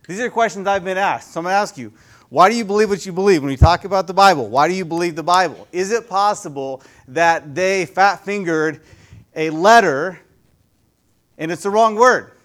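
A youth pastor giving a casual, conversational sermon in a church, often putting questions to the audience. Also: male voice, sits high, moderate pace, fairly bright tone.

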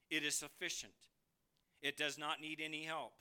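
A man preaching a sermon from the pulpit, moving between emphatic rises and soft low drops, asking the congregation questions. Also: flat delivery, normal speed, clear, resonant tone. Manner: addresses listeners as beloved, asks them questions. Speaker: pastor.

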